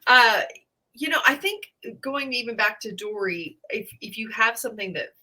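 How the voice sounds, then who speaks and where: Bright-voiced woman comedian chatting. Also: on the high side, moderate pace, poor audio. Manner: animated storytelling, acts out her own past reactions; laughs often. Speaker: comedian and podcast co-host. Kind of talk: casual chat.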